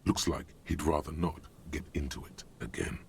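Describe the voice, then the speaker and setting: A man narrating a game in a measured, dry manner. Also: extremely low pitch, creaky, slight background noise. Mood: grave. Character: omniscient game narrator, grave and wry.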